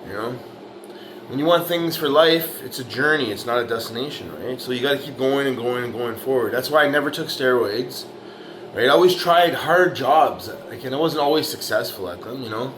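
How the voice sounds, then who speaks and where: A middle-aged man delivers a rambling, blunt motivational rant, cursing freely and tagging lines with "you know" and "right." His voice sits at an ordinary middle pitch. A faint noise runs underneath. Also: brisk, fairly bright tone. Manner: profane, blunt, tough-talking. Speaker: bricklayer vlogger.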